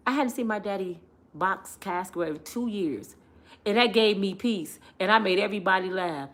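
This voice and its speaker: A middle-aged woman telling family stories in a casual vlog, lively and chatty, laughing often and talking straight to her viewers. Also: medium pitch, moderate pace.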